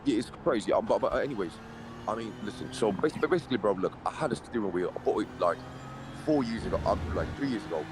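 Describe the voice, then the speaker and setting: A man's voice: on the low side, lively intonation, fast. Rambling slangy man on voice chat. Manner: slangy, rambling, full of "mate" and "brother"; puts on a British-style accent. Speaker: guest in voice chat. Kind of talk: casual banter. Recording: voice chat with clear background noise.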